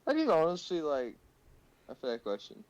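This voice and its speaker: A man's voice: on the high side, huge pitch swings, normal speed, darkish tone, dry recording. A man co-hosting a podcast, chatting casually, laughing often and hesitating with fillers. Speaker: podcast co-host. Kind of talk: casual chat. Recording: dull lo-fi audio.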